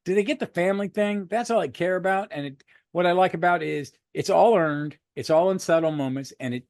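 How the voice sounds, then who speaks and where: A man co-hosting a podcast, chatting casually about a superhero movie, rambling and swearing freely with animated bursts. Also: high voice, a little fast, dry recording, clean studio sound. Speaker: podcast co-host. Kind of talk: casual movie review chat.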